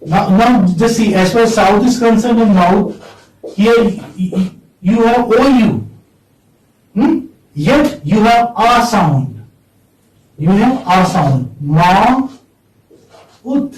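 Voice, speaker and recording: Indian english teacher guy, high voice, talks slow, keeps going hmm? at the class, echoey room mic far off. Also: animated, a little mellow. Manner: repeats words, prompts students with questioning hums. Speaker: college English lecturer. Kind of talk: classroom lecture.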